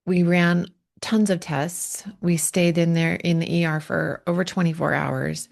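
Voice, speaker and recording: Gravelly-voiced woman coach, heartfelt and emotional. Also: fairly low pitch. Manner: heartfelt, emotional, pausing to steady herself. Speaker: relationship coach. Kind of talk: personal podcast monologue.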